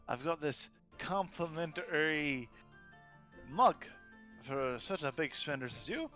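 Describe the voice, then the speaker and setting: A wheeling-dealing goblin barkeep with a gangster's swagger, as a man puts him on. The voice is bright and swoops up and down as he pushes his offers and tags his lines with "eh?". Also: on the high side, animated, drawn-out words, pauses often, soft background music, full character voice. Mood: salesy. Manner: chatty salesman patter, tags "eh?". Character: male goblin tavern keeper, mafioso swagger.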